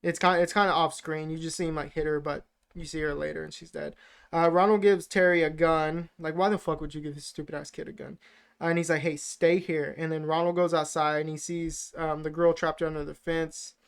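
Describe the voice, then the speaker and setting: A man's voice: on the high side, little pitch movement, brisk, vocal fry, clean tone. A man co-hosting a podcast, rambling through a casual film recap with lots of fillers and swearing. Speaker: podcast co-host.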